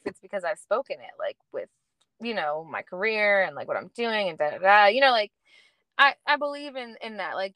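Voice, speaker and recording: A woman's voice: medium pitch, no echo. Chatty woman retelling a dating story. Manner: animated storyteller who acts out both sides of conversations, heavy use of "like". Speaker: podcast co-host. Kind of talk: casual chat, storytelling.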